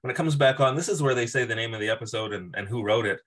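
A man's voice: medium pitch, very fast, a bit bright. A man co-hosting a casual podcast, recapping episodes and laughing often as he mimics characters. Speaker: podcast co-host.

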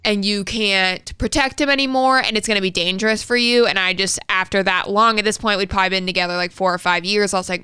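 Bright, clear-voiced woman telling blunt stories. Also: medium pitch, fairly even intonation, quick pace, hardly any pauses, no room sound. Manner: candid, blunt, swears freely. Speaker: podcast co-host. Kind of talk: casual conversational storytelling.

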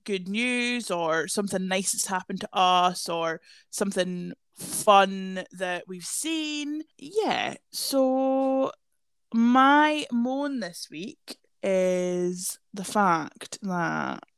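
A woman's voice: medium pitch, extremely slow, clean tone, no echo. Young woman on a podcast, chatty and sweary, dry close sound. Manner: chatty, swears freely, lively storytelling. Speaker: podcast co-host. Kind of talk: casual podcast chat.

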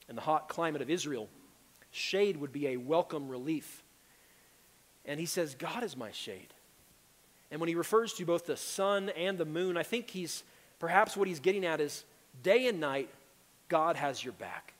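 A pastor preaching a sermon with earnest urgency, rising to loud pleas and dropping to hushed tones. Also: male voice, fairly high pitch, animated, moderate pace, long reverb tail. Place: church sanctuary.

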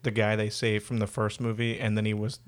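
A man's voice: fairly low pitch, flat delivery, a little fast. A man hosting a casual podcast chat, joking around and laughing often. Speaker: podcast host.

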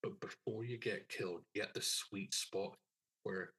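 A man's voice: fairly low pitch, fairly even intonation, unhurried, bright, forceful tone, slightly rough, low-quality recording. A man co-hosting a film podcast in casual chat, with dry, wry asides. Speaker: podcast co-host.

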